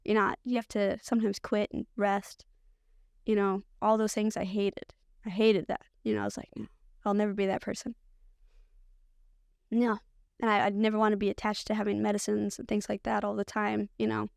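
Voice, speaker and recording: A woman with a medium-pitched, creaky, somewhat dark voice speaks fairly quickly in a flat manner, recorded with studio quality and no echo. She's a podcast guest telling her own story candidly and loosely, rambling with plenty of "like" fillers.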